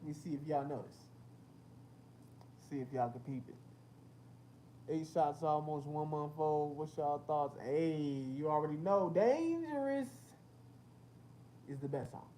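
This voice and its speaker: Unhurried and pausing often, a young man with a fairly high voice hosts a casual livestream, with a little hiss or hum in the recording. He reads chat comments and tells lively stories full of slang and cursing.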